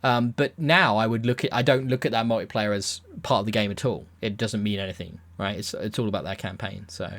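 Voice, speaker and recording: A man's voice: lowish voice, fairly even intonation, a little fast, hardly any pauses, fairly bright tone. A young man hosting a casual podcast chat, jokey and rambling, often restarting his sentences. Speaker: podcast host.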